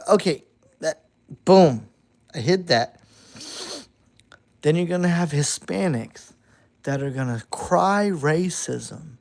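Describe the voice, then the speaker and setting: A man giving a heated, profane late-night rant, swinging between shouting and muttering. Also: a little high, lively intonation, takes it slowly, pauses often. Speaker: vlogger.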